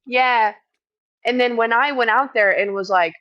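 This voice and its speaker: A woman who works as a camp medic, retelling a clash in casual chat, swearing freely and talking fast when heated. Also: fairly high pitch, lo-fi sound. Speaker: house medic at a streamed camp.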